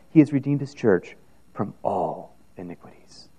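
A man preaching a sermon, building to fervent declarations and sinking to hushed near-whispers. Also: on the low side, lively intonation, a little slow, husky.

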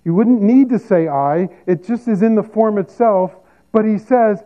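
A man's voice: sits high, a little slow. A man preaching a sermon as a pastor, teaching emphatically and repeating key phrases. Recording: tinny phone-like sound.

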